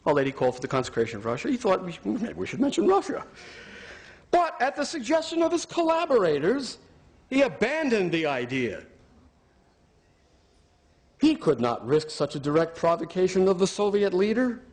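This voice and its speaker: A man's voice: high voice, wildly swooping pitch, normal speed, pauses often, darkish tone. A man giving an argumentative talk, sarcastic and emphatic as he builds his points. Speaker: speaker.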